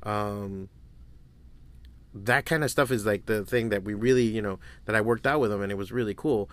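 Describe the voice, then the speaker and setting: A man in his forties with a fairly low, fairly bright voice speaks at normal speed on his solo podcast. In a casual monologue, he rambles through crude stories and swears freely.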